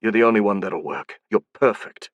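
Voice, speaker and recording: A man voicing an intense male film director who is emphatic and pleading, speaking in a soft, hushed way. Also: on the low side, moderate pace, no echo, dull audio, natural voice.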